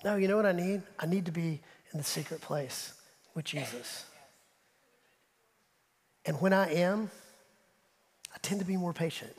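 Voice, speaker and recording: Male pastor, high voice, animated sermon delivery, long hall reverb behind him. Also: unhurried, long pauses. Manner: animated preaching, drops to soft asides; talks straight to the congregation. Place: church sanctuary.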